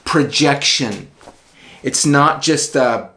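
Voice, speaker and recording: A man's voice: medium pitch, slow, a bit bright. A middle-aged man telling a personal story in a wry, conversational monologue with self-deprecating asides. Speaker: video essayist.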